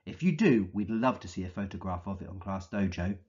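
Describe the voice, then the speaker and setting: Lively low-voiced man teaching young children. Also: lo-fi sound. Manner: slow, clear, encouraging, acts out the words he defines. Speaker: early years teacher. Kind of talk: recorded vocabulary lesson for young children.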